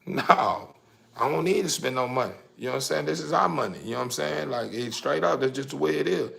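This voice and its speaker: A gravelly-voiced young man sermonizes in a casual monologue. His pitch sits in the middle of the range, and he gets heated and profane. He often stumbles through repeated words. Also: expressive, fast talker, a bit bright. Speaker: vlogger.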